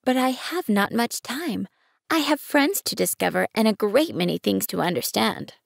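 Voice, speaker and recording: Woman doing a gentle, curious boy prince. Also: mid-range voice, lively intonation, moderate pace, vocal fry, no room sound, clean studio sound, pitched above the performer's own voice. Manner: gentle, wondering and questioning. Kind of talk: audiobook reading.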